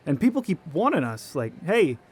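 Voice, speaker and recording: A man performing a theatrical monologue as an excited traveler who chats about heading off to Antarctica. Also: a little high, brisk, slightly rough. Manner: excited, chatty.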